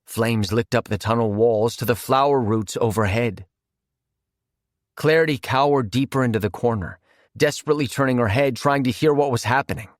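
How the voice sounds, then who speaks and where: A man narrating a horror audiobook in a measured, vivid storytelling manner. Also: medium pitch, no room sound, studio quality.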